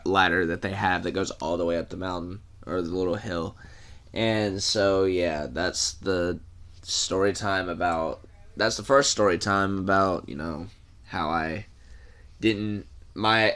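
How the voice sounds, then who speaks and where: Young man, low-pitched, for a casual rambling storytime vlog with fillers and cursing. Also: fairly bright tone.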